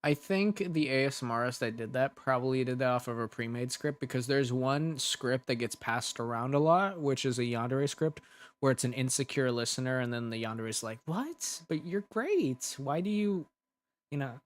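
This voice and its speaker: A man's voice: mid-range voice, fairly quick, clean tone. Rambling, chatty young man. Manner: rambling, chatty, frequent laughs and restarts. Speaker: ASMR creator. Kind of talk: casual livestream chat.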